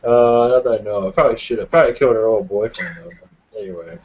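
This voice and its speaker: A man's voice: on the low side, fast, highs cut off. A man in casual chat, making wry, joking interjections. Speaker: hangout participant.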